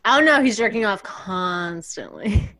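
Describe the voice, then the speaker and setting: A woman's voice: medium pitch, animated, a little slow, a bit bright, no echo. A woman hosting a podcast, chatting casually and making blunt, bawdy jokes. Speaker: podcast host. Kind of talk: casual comedic chat.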